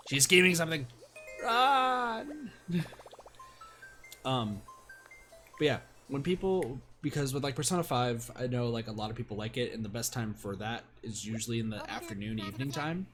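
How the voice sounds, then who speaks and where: Man, game livestream chatter, rambling and chatty, steady mid pitch, background music. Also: fairly quick. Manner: chatty, rambling, talks to chat. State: hiccups. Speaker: streamer. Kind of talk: casual game livestream chat.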